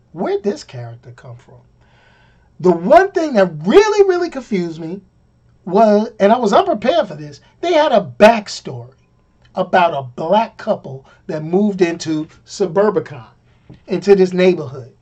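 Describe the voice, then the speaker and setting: Emphatic man ranting about a movie. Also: high-pitched. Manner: emphatic, repeats phrases for effect, laughs often; animated, swings between loud bursts and quiet asides. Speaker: movie review vlogger. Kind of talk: casual spoken movie review.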